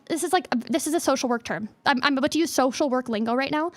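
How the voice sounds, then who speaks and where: A woman's voice: extremely high pitch, fairly bright tone. A young woman streaming live, talking casually and rambling with feeling, fillers all through. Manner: rambling and emotional, many "like" fillers. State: teary, near crying. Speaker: VTuber streamer. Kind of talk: casual livestream chat.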